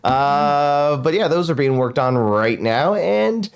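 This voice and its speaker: A man hosting a podcast in casual chat, telling stories in an animated way. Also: a little high, slow pace, gravelly, smooth. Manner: animated storyteller. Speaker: podcast host.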